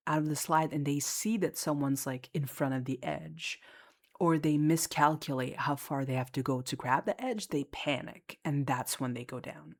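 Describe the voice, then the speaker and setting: Woman with a low voice, casual storyteller, chatty, blunt and sweary, lots of filler words. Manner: chatty and candid, swears freely, heavy on fillers. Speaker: lifeguard.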